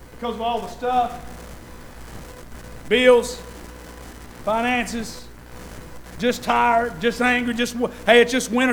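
Fervent high-voiced preacher man. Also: a little hiss or hum, low-quality recording. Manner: fervent, building to loud shouted peaks; conversational, self-deprecating asides with laughter. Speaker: pastor. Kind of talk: sermon.

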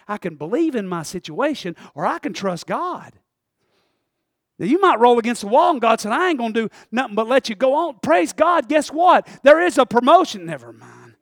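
A man preaching a folksy sermon, dropping to hushed asides and rising to shouts. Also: extremely high pitch, big pitch swings, normal speed, no room sound, studio quality.

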